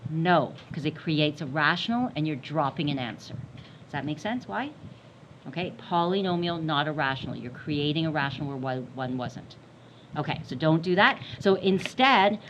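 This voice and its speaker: A woman's voice: lowish voice, a bit bright. A woman math teacher giving a recorded lesson, repeating warnings emphatically in a playful way. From Canada. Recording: dull lo-fi sound with faint hiss.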